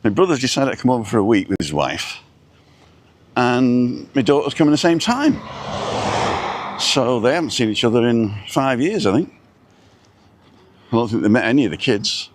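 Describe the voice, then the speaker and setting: A middle-aged man with an everyday mid-range voice hosts a relaxed live stream outdoors. He rambles easily and greets viewers by name, adding little asides as he goes. A faint hum of passing traffic sits behind him. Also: mid-range voice, normal speed, pauses often. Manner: rambling, reads out viewer names with small asides. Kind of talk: casual live-stream chat. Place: outdoors with a view over hotels. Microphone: camera set down in front of him.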